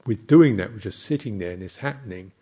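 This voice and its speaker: A man, a Buddhist monk, giving a slow, reflective dharma talk with thoughtful pauses. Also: fairly low pitch, expressive, mellow, husky.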